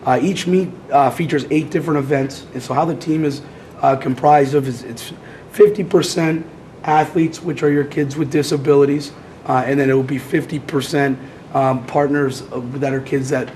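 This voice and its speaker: A hoarse man with a cold presenting as athletic director at a public meeting, halting with many fillers. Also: medium pitch, fairly even intonation, darkish tone, a little hiss or hum, low-quality recording.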